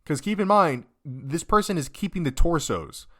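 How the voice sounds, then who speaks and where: A man's voice: a little high, lively intonation, normal speed, fairly bright tone. A young man playing a game and commenting on it, upset and close to tears, who swears constantly and rants in broken, trailing sentences. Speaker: let's-play gamer.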